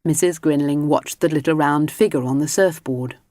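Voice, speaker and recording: A woman reading a children's storybook aloud in a gentle, expressive way. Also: low-pitched, normal speed, no echo, clean studio sound. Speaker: audiobook narrator. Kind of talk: storybook narration.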